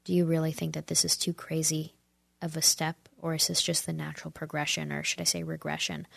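A woman's voice: sits low, gravelly, no room sound. A woman hosting a podcast, ranting heatedly in a casual monologue and sometimes dropping into whispers. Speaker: podcast host.

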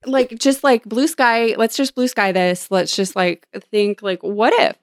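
A woman's voice: mid-range voice, steady tone, a little slow, no echo, clean studio sound. A woman co-hosting a casual podcast, ranting in a sarcastic, profane way. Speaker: podcast co-host.

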